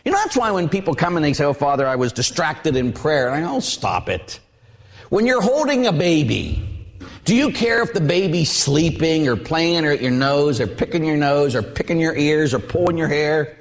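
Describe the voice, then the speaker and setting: A man preaching a sermon as a priest, telling stories with animated voices. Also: fairly high pitch, normal speed, big-room sound. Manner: animated storytelling, acts out voices and hugs.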